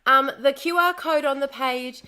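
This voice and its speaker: Live streamer, Australian woman, bit raised pitch, bright tense tone, slightly hoarse, chatty and repetitive. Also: measured pace. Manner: chatty, repeats words, greets viewers excitedly. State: slightly hoarse, recovering from lost voice. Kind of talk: casual live stream chat.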